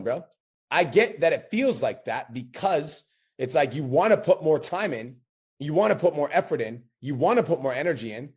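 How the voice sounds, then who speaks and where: A man coaching a client over a video call, talking fast in a blunt, profane pep-talk style. His voice sits low, and he pushes hard with swearing and repetition. The call sound is plain and direct. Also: darkish tone. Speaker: business coach.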